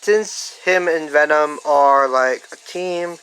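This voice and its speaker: A fan storyteller improvising a story out loud, halting with many fillers and restarts. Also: medium pitch, smooth, soft background music, poor audio. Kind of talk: improvised fan-fiction narration.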